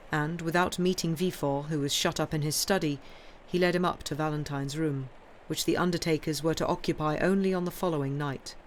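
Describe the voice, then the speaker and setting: A woman streamer reading a classic novel aloud in a steady, clear narration. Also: low voice, slight background noise. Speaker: audiobook reader and streamer.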